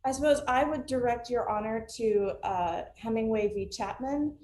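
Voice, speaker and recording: Halting woman lawyer, echoey room. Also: fairly high pitch, warm tone. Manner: hesitant, many restarts and fillers. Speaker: appellate attorney. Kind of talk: remote oral argument.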